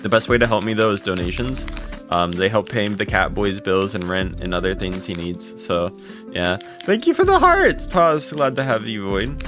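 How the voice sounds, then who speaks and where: Young man chatting on a live stream. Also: moderate pace. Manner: greets chat and thanks donors, voice jumps high when excited. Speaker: livestreamer. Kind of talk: casual live stream chat. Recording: music playing behind.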